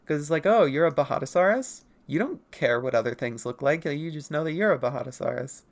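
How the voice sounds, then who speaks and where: Lively, gravelly-voiced late-night art streamer. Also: brisk. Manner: rambling, chatty, laughs often; consciously holds voice higher than natural. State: up late, nearly four in the morning. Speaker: artist streamer answering chat questions. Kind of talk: casual livestream chat while drawing.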